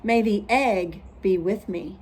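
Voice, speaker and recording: A woman voicing a scheming, theatrical first-grade boy in a storybook reading, slow and a bit raised. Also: medium pitch, darkish tone, husky. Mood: conspiring.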